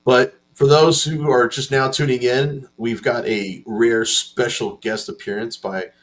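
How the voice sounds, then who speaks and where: A man's voice: mid-range voice, level tone, a little slow. A man hosting a live stream, introducing guests in a loose, chatty way. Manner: chatty, informal, loose filler-heavy introductions. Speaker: host.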